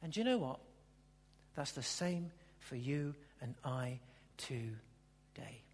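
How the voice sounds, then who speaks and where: A preacher giving a sermon, emphatic and repetitive, sometimes dropping to a hushed voice for emphasis. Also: medium pitch, expressive, slow pace, breathy edge. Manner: emphatic, repeats phrases, drops to a hush for emphasis. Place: church. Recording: long reverb of a church hall.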